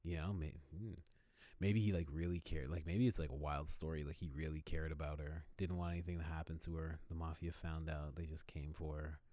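A man's voice: very deep voice, steady tone, a little fast, warm tone, dry recording. A man co-hosting a podcast in loose casual chat, swearing freely and acting out quotes. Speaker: podcast co-host.

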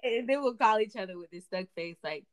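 A woman co-hosting a faith podcast, chatting expressively with frequent laughs and sudden upward swings in pitch. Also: expressive, brisk. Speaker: podcast co-host.

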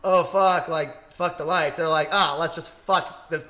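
A man's voice: a little high, fairly even intonation, unhurried, pushed and bright. A young man chatting casually, telling rambling, profane stories with frequent laughter. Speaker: storyteller. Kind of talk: casual chat.

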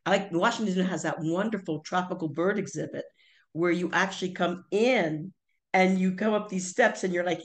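In a relaxed family conversation on the podcast she shares with her son, this older woman spins lengthy stories, often restarting and filling pauses. She speaks at a normal speed in a lowish voice.

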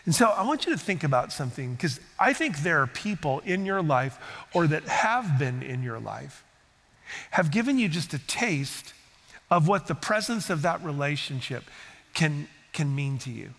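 A man's voice: on the high side, big pitch swings, moderate pace, a bit bright, long reverb tail. Older male pastor preaching conversationally. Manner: conversational, earnest, acts out quotes. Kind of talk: sermon. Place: church sanctuary.

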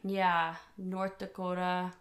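A woman's voice: fairly low pitch, flat delivery, slow pace, fairly bright tone. A woman co-hosting a podcast in casual chat, chatty and giggly, rambling through stories.

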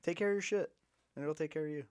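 A man's voice: on the high side, racing, a little mellow, smooth. Blunt male podcast guest. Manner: blunt, short punchy phrases. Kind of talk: casual podcast chat.

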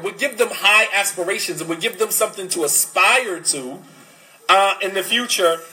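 A man's voice: high voice, sharp tone, poor audio. A man giving a religious lecture on parenting, emphatic and full of rhetorical questions. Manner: switches to fast Arabic recitation. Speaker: Islamic lecturer.

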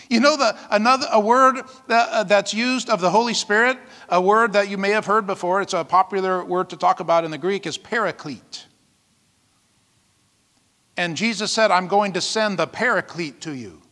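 A man's voice: sits high, sharp tone, in a large hall. A man preaching a sermon as pastor, reading scripture aloud and breaking into whoops and laughter. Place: church.

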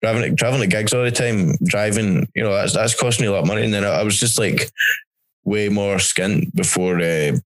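Scottish male comic, low voice, rambling sweary podcast chatter. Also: a little fast, low-quality recording. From Scotland. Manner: rambling, sweary, stop-start. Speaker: stand-up comedian, podcast co-host. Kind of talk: casual chat.

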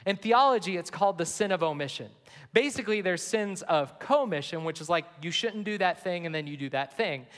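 A man's voice: high-pitched, animated, a little fast, fairly bright tone. A man, a pastor, preaching an earnest sermon to his church and reading scripture aloud. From United States. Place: large church sanctuary. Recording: long hall reverb.

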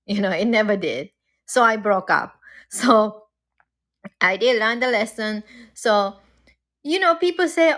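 Slow-talking woman podcast co-host. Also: fairly high pitch, expressive, pushed and bright. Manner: unhurried, reflective, many fillers. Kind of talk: candid podcast chat.

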